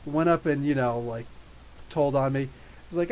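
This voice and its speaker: A man in his thirties hosting a live podcast, reading viewer questions and telling rambling, animated stories. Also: medium pitch, moderate pace, low-quality recording. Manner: rambling, animated storytelling with laughs. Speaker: podcast host. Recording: faint hiss.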